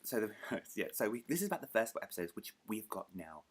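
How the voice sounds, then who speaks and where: A young British man from the United Kingdom chats casually to camera as a book vlogger, rambling, self-deprecating, and often restarting his sentences. He speaks in British English with a lowish, very animated, fast voice that has a breathy edge.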